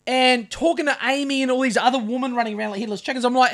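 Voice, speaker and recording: Speaking rapid-fire with few pauses, a New Zealander who co-hosts a podcast recounts a confrontation, playing out his own lines and cursing nonstop. He's still getting over covid, yet his high-pitched delivery stays loud and animated in this casual storytelling chat.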